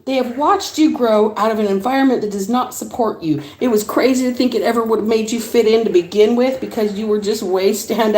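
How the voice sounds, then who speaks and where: Woman reading tarot on a livestream, talky and loose, cusses a lot, mid-pitched, bit of room echo. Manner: chatty and animated, laughs often, swears casually. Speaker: tarot reader. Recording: roomy echo.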